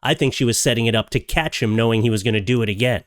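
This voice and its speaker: A man from Canada hosting a commentary vlog in his thirties, his voice sitting at a middle pitch. He talks with sarcastic, jokey asides and laughs at his own lines. The sound is dry and close, with no room around it. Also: a little fast, hardly any pauses, fairly bright tone, clean tone, no room sound. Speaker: YouTube commentary host. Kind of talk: casual reaction commentary.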